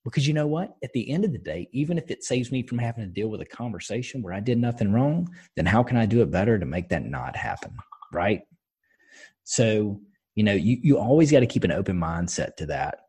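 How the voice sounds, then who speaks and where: A man's voice: fairly low pitch, big pitch swings, fairly quick, warm tone, slightly rough. A man co-hosting a podcast in casual chat, blunt and passionate, swearing freely as he tells stories. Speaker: podcast co-host.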